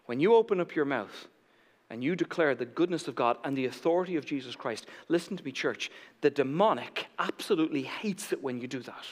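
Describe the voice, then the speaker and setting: A male pastor preaching a sermon with passion, swinging between loud declarations and hushed emphasis. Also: on the high side, animated, a little fast, in a large hall. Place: church sanctuary.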